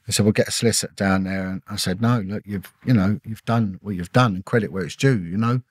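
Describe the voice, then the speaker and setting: A man's voice: fairly low pitch, fast, slightly rough, no echo. A middle-aged man, a former detective as a podcast guest, telling an emotional personal story intensely and acting out the dialogue. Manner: intense, repetitive, acts out quoted dialogue.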